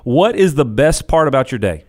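A man's voice: mid-range voice, big pitch swings, moderate pace. A man hosting a casual business podcast, upbeat, laughing easily and often repeating his words. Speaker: podcast host. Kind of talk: casual interview chat.

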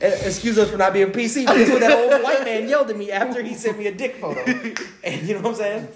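A man's voice: high voice, quick pace, reverberant. A man in his late twenties telling a story in casual slang, laughing often as he talks. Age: late 20s.

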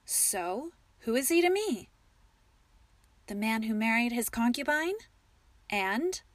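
A gentle, patient farmer husband in an audiobook, as a woman narrator reads him, speaking softly and steadily to calm his wife. The voice sits a little high, with a close, dry sound. He keeps his tone even and reassuring throughout. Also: takes it slowly, no echo. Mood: gentle, firm. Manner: gentle and soothing.

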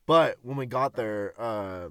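A young man in casual conversation, excitable and slangy, dropping "dude" into nearly every line. His voice is mid-pitched. The room is dry and close, with no echo. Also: slow, clear, resonant tone. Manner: excitable, says "dude" constantly, swears freely. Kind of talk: casual storytelling chat.

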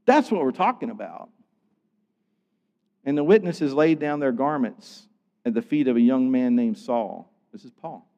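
A man preaching a sermon, acting out scenes and swinging from loud outbursts to hushed tones. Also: mid-range voice, expressive, a little slow, big-room sound, lo-fi sound. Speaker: pastor.

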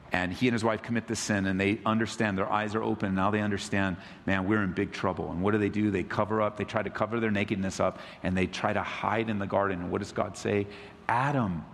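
A male pastor delivers a sermon in an animated, storytelling way, acting out what people in the story say. His voice rings out in a hall with a long echo. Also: fairly low pitch, a little hiss or hum. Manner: animated storytelling, acts out quotes, laughs. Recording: echoey hall reverb.

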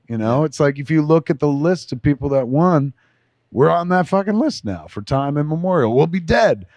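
A man's voice: a little high, a little fast, gravelly, no room sound. A middle-aged man co-hosting a podcast, chatting casually with lots of swearing and getting emotional. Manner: profane, emotional, animated storytelling. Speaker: podcast co-host. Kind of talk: casual chat.

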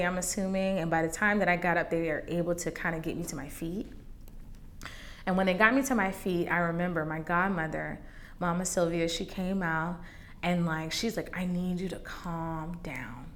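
A woman's voice: lowish voice, slight background noise. A woman hosting a faith podcast, candidly sharing a personal testimony in a conversational way that turns emotional at times. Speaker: podcast host.

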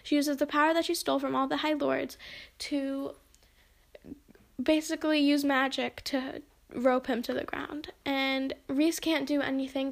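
High-pitched young woman with vocal fry. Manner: chatty retelling, acts out quoted lines. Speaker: book discussion host. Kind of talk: casual plot recap.

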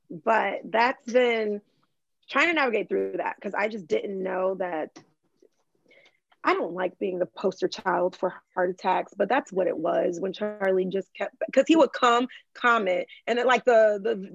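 Gravelly-voiced young woman from Michigan. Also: mid-range voice, no echo. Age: young adult. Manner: chatty, full of "like", quick restarts. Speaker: guest, social media creator. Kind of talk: casual podcast chat. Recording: dry, dull lo-fi sound.

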